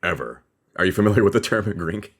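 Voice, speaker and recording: A man running an improvised tabletop role-play as guest game master, playful and deadpan with laughing asides. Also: deep voice, fairly quick.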